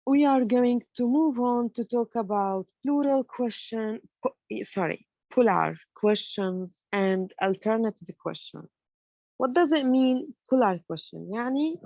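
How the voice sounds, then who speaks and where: A slightly high, animated woman with a darkish tone gives an explanatory grammar lecture at a moderate pace. Step by step, she uses "you know" as filler and checks understanding with "okay?". The audio sounds dull, with no echo.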